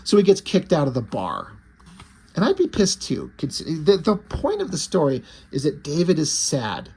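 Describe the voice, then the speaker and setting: A man reviewing a comic book in casual talk, retelling the plot with excitement, swearing freely and acting out the characters' lines. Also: a little high, normal speed, gravelly, husky.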